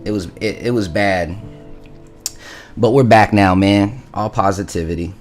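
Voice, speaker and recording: A young man hosts a casual home livestream, speaking in a lowish voice and tossing off curses as he answers his chat. His talk is loose and meandering, full of restarts. A faint beat plays quietly in the background. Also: takes it slowly, soft background music. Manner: loose, profane, talks to chat. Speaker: livestreaming musician. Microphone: studio mic through interface.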